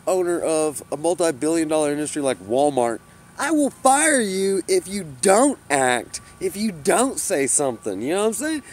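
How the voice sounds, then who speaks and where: A man rambling in a casual vlog, swearing freely and saying "you know" constantly, and getting loud and heated when he tells a story. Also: sits high. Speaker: vlogger. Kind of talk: rambling casual monologue to camera.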